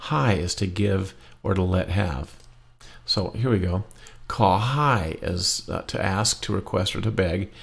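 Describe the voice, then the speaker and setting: Male language teacher, deep and gravelly, patient, stretches out example phrases. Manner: slow, patient explaining with drawn-out demonstration phrases. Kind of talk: recorded language lesson.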